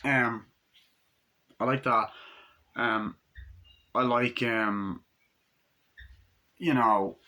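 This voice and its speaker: Bright-voiced young man rambling through a film review. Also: medium pitch, steady tone, extremely slow, pauses often. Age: 20s. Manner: rambling, retells scenes mimicking the dialogue, swears casually. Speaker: movie reviewer.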